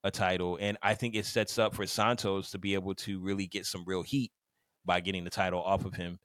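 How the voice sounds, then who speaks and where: A man's voice: low voice, flat delivery, fairly quick, fairly bright tone, dry recording. A man co-hosting a podcast in casual chat, laid-back, acting out quotes in slang. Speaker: podcast co-host.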